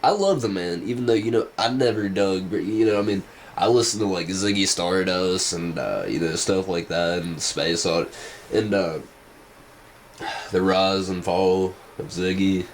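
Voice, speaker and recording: Casting: low-pitched man, slow drawling vlog ramble, faint background hiss. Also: rough recording. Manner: hesitant, many fillers and restarts. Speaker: vlogger. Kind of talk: casual rambling commentary.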